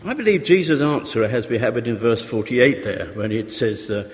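A man's voice: medium pitch, sing-song, moderate pace, few pauses. A man preaching a sermon, conversational and full of rhetorical questions, sometimes acting out desperate pleas. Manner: conversational, rhetorical questions, acts out pleading voices. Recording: reverberant hall, faint noise.

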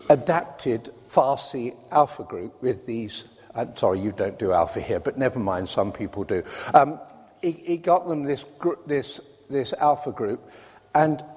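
A man's voice: medium pitch, darkish tone, breathy edge. A man from Britain preaching a sermon in a conversational way, with wry asides. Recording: reverberant hall.

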